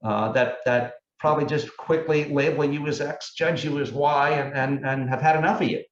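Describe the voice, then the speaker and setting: A man speaking as a meteorologist guest in a casual interview, measured and reflective as he explains things. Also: a little high, fairly even intonation, echoey room, lo-fi sound.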